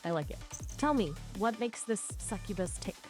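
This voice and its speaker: A woman's voice: mid-range voice, expressive, music in the background. Playful synthetic woman chatbot voice. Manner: chirpy, playful, quick with quips. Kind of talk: casual chat.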